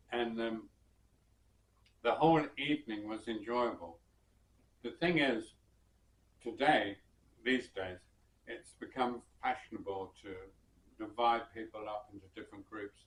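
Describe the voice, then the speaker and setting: A musician and bandleader from southern England tells a personal anecdote in a mid-range voice, unhurried and reflective, with soft chuckles and hesitations. The sound is roomy, picked up from some distance.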